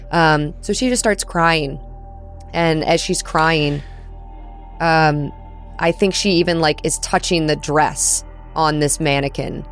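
A woman playing in a tabletop game, chattily describing her character's actions with many fillers. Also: on the low side. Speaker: player. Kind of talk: casual in-game narration.

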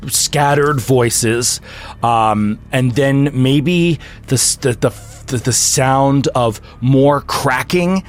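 A man narrates a horror tabletop session as game master, his voice sitting at an ordinary middle pitch. He talks through a video call, building scenes with many fillers and restarts and breaking into loud sound effects. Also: very slow.

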